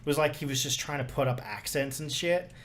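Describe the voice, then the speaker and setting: A man's voice: on the high side, fairly quick, fairly bright tone. A young man co-hosting a live podcast in casual chat, ranting bluntly with sarcastic, profane asides. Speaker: podcast co-host.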